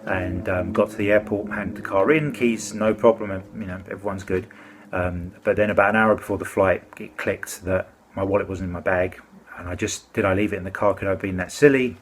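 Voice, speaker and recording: A man's voice: deep voice, steady tone, a little fast, a little hiss or hum. A man from the UK telling a rambling, indignant complaint story in a casual spoken way, often stopping to correct himself. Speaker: complaining customer.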